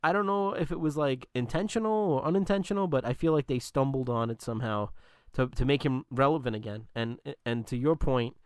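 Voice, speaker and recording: A man's voice: medium pitch, a little fast, few pauses, clean tone, no echo, clean studio sound. A man co-hosting a casual podcast, chatty and jokey, laughing at his own jokes. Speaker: podcast co-host. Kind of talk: casual chat.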